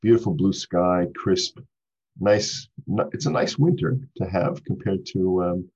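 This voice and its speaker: A cheery Canadian man speaks in a low, husky voice as a podcast guest. His video-call audio sounds dull and lo-fi. He chats warmly and laughs often. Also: measured pace. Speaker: guest, clean tech executive. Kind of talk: podcast interview. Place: home in Brisbane.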